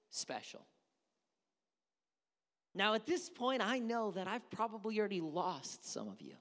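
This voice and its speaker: Middle-aged male pastor, animated sermon delivery, acts out voices, swings loud to hushed, gravelly tone. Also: sits high, normal speed. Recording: reverberant hall.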